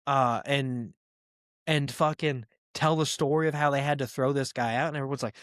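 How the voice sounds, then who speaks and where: A man hosting a comedy podcast, ranting in a crude, profane and animated way. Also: medium pitch, a little fast, no room sound, studio quality. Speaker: podcast host. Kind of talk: casual comedic rant.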